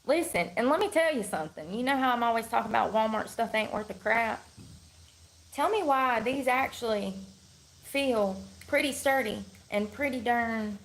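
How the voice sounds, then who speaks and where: Woman, live-stream chat, candid, rambling, slangy, gravelly voice. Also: fairly high pitch, moderate pace, rough recording. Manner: laughs often.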